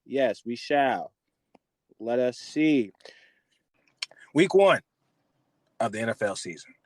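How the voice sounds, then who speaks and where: Animated, profane male podcast host. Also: medium pitch, slow, dry recording. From US West Coast. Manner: animated, profane sports rant. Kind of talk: casual sports podcast chat.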